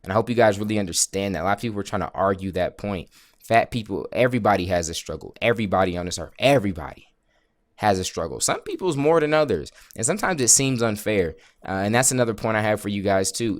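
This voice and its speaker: A man talking frankly to his viewers in a motivational vlog, earnest and repeating himself as he builds a point. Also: fairly low pitch. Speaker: vlogger. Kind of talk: motivational casual vlog talk.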